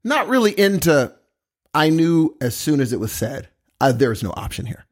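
A man's voice: mid-range voice, fairly quick, a little mellow. A man in his forties co-hosting a podcast in casual banter, laid-back and stubborn, rambling as he talks. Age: 40s. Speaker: podcast co-host.

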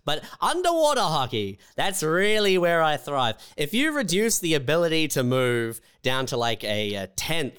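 A man's voice: a little high, very animated, moderate pace, hardly any pauses, fairly bright tone, clear, resonant tone. A man co-hosting a podcast, talking in a laid-back, self-deprecating way full of fillers. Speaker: podcast co-host. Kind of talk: casual comedic chat.

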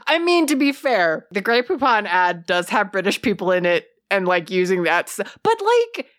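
A woman co-hosting a podcast in casual chat, animated and swearing freely as she acts out quotes. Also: medium pitch, normal speed, no room sound, clean studio sound. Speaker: podcast co-host.

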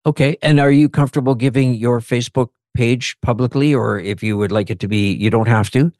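A man's voice: medium pitch, a little fast, darkish tone, no echo, studio quality. A man hosting an interview, asking polite, courteous, slightly rambling questions. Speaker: interviewer, host.

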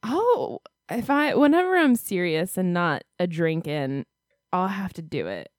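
A woman's voice: lowish voice, very animated, unhurried, no room sound, clean studio sound. A woman co-hosting a podcast in casual chat, talkative and self-mocking. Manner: chatty, self-mocking, giggly. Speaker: podcast co-host.

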